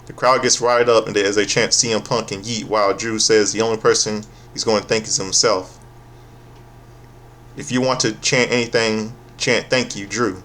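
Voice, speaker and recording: Sarcastic man recapping wrestling, low voice. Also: fairly even intonation, a bit bright. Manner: profane, sarcastic, halting with restarts. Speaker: wrestling show reviewer. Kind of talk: casual recap commentary.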